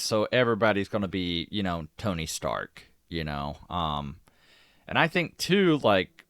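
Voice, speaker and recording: A man co-hosting a podcast, chatting casually about a movie in a halting way, full of restarts. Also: deep voice, sing-song, a bit bright, smooth, no echo, studio quality. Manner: halting, many restarts and fillers. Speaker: podcast co-host.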